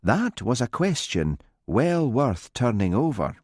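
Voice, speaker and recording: A man narrating an audiobook with expressive storytelling. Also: mid-range voice, slow, no echo, studio quality. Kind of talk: scripted narration.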